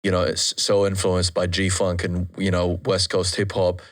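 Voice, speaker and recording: Low flat-voiced Australian host. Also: male voice, a little slow. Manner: rambling, many "you know" and "like" fillers. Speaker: podcast host. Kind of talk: casual chat.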